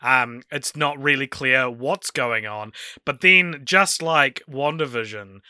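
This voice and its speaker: A man's voice: mid-range voice, takes it slowly, sharp tone, smooth, dry recording, studio quality. A man co-hosting a podcast, talking in a wry, rambling way with many fillers. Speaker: podcast co-host. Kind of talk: casual chat.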